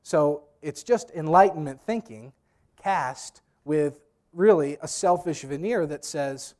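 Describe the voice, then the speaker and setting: A man preaching to his congregation in a slightly higher voice. He speaks emphatically and directly to his listeners. He mixes firm points with joking stories. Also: animated, slow, a little mellow. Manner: humorous storytelling asides. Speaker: pastor. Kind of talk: sermon.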